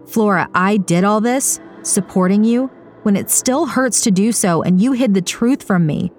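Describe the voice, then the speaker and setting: A woman's voice: mid-range voice, moderate pace, soft background music, close to an everyday voice. A woman reading an audiobook, voicing a proud, bitter middle-aged mother, in a reproachful manner. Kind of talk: audiobook character voice.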